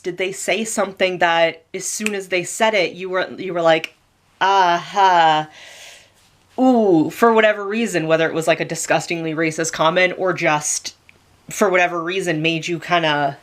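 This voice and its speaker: A young woman giving casual advice in a vlog, talking fast and emphatically with lots of fillers. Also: medium pitch, a bit bright. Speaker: video creator.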